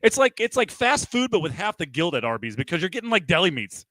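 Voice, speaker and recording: A jokey co-host with a fairly high voice and a lively, bouncing delivery. He talks casually and laughs easily as he banters with his partner. The sound is dry and close to the mic. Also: fast, no room sound. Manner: animated and jokey, laughs often. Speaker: podcast co-host. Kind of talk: casual sports talk show chat.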